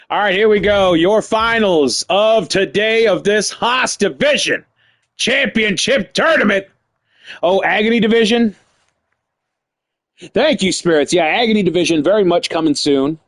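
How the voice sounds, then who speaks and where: Man, live game streamer, high lively voice, unhurried delivery, shouting, cursing, laughing, wrestling play-by-play. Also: no echo. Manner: yells, swears and laughs at the game. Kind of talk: excited live play-by-play commentary.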